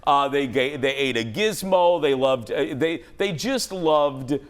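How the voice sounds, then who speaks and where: A man's voice: medium pitch, lively intonation, a little slow. A male talk show host in his forties, from Minnesota, chatting casually and laughing often. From Minnesota, USA. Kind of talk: casual chat.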